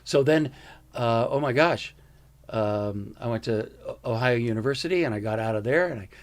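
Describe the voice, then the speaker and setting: Older American man telling lively stories. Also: mid-range voice, normal speed. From United States. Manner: animated storyteller who slips into impressions. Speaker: guest comedian. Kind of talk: casual interview storytelling.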